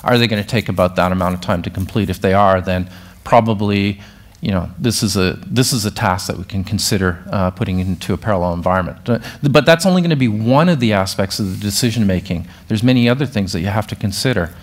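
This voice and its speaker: A man with a fairly low voice explains technical rules of thumb at a conference. He talks conversationally with occasional fillers. He trades remarks with a co-presenter. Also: quick pace. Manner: conversational, anecdotal, some fillers.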